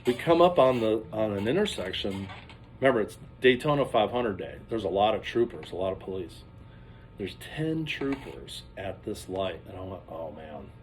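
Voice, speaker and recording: A man telling a rambling, animated story in casual vlog style, acting out what people said. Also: fairly low pitch, normal speed, slight background noise. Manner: rambling, animated, acts out quotes.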